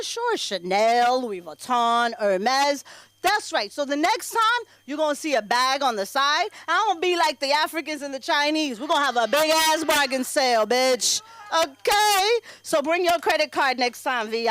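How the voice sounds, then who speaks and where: A woman doing a stand-up set at an open mic, brash and sassy, swinging between loud punchlines and low asides. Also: dry recording. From Bangladesh. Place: comedy club stage.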